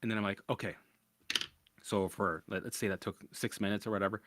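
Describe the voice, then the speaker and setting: A man's voice: on the low side, steady tone, fairly quick, background noise. A man hosting a casual solo monologue, rambling and swearing freely as he answers listener questions and keeps checking in with "right?".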